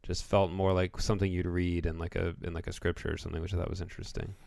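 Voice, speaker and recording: A man's voice: low-pitched, little pitch movement, quick pace, creaky, a little mellow, dry recording, clean studio sound. A man co-hosting a podcast in casual chat, explaining in a laid-back way with the odd swear word. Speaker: podcast co-host.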